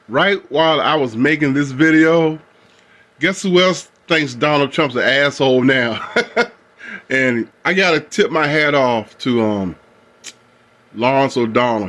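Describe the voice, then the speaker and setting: A man's voice: mid-range voice, takes it slowly, pauses often, a bit bright. A man hosting a casual political commentary video, mocking and laughing often. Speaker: video host.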